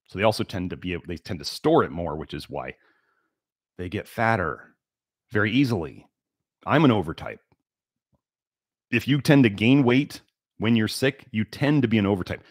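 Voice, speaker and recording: A man's voice: fairly low pitch, no echo, clean studio sound. Emphatic man lecturing on a livestream. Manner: emphatic, repeats key words for stress. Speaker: livestream host.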